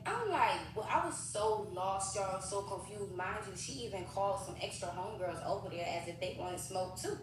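A woman's voice: medium pitch, normal speed. Woman telling a story in an echoey room. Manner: animated, addresses viewers as "y'all". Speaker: storyteller in a played clip. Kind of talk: casual storytime. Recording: echoey room from far off, noisy.

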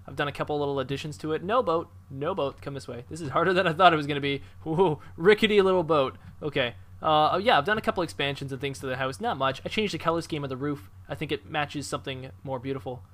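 Bright-voiced excitable man gaming. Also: fairly high pitch, fast talker, hardly any pauses. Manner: excitable, chatty, bursts into exclamations. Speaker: gamer. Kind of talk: casual gameplay commentary.

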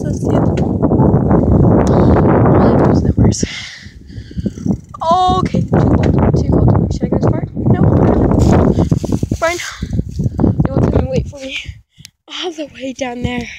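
Woman as an excitable vlogger, high voice, unhurried, outdoors with heavy background noise. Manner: excitable, keeps exclaiming. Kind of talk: casual vlog chatter. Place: outdoors in the cold.

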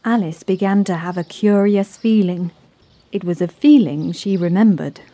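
A woman narrating a children's story in a calm, clear, measured way. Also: fairly low pitch, dry recording.

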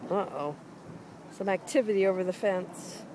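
A woman narrates a casual home video of her dogs outdoors by a backyard fence, filming handheld and calling to them sing-song style. She speaks at normal speed in a mid-range voice, with background noise present.

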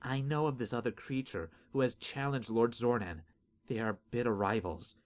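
A man voicing a devoted young woman healer who sounds anxious yet determined. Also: close to an everyday voice. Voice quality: anxious, determined, higher-pitched.

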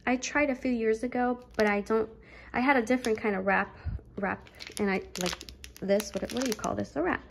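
A young woman talks through her weekly groceries in a rambling, chatty way, a little breathless. Her voice sits fairly high and has a gravelly fry, with faint noise in the background. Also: fairly quick. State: pregnant, slightly out of breath. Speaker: vlogger. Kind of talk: casual grocery haul chat.

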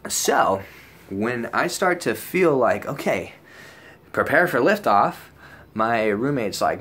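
A young man casually telling a story out loud, animated and profane, full of slang and acted-out lines from other people. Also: mid-range voice, slow pace, slightly rough.

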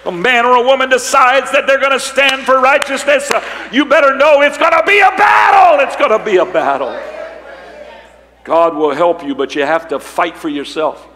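An older male pastor preaching a sermon, telling a story and building to shouted emphasis. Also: fairly high pitch. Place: large church sanctuary. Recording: long hall reverb.

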